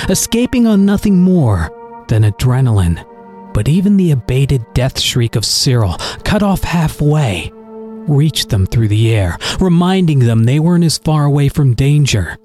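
A man reading a horror story aloud in an expressive, dramatic narrating style. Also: medium pitch, a little slow, faint music behind. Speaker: audiobook narrator.

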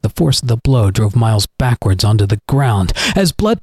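Man, husky voice, animated audiobook narration, dry close recording. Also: lowish voice, normal speed, dry recording. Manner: vivid, expressive storytelling. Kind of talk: dramatic horror audiobook narration.

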